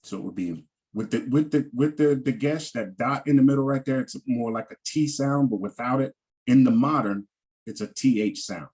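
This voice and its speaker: A man teaching a language class, slowly repeating each word and its pronunciation and checking in with "all right" as he goes. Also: mid-range voice, darkish tone, slightly rough. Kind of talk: slow vocabulary lesson over shared screen.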